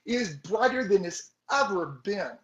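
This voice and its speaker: A man giving an energetic motivational talk as a sales team leader, exhorting his listeners with rhetorical questions. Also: sits high, normal speed, roomy sound, poor audio.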